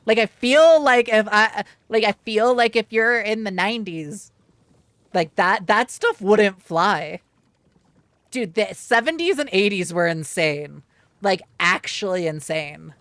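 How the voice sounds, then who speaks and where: A man's voice: high-pitched, expressive, unhurried, fairly bright tone, clear, resonant tone, dry recording. Rambling, swearing man telling stories. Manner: rambling, swearing, many fillers. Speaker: livestream storyteller. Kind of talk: casual storytime chat.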